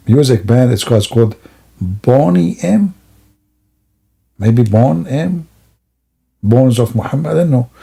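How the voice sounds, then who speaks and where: Gravelly, husky man mocking on a livestream. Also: lowish voice, dark tone. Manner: mocking, laughing, theatrical asides. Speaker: streamer. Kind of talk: sarcastic livestream monologue.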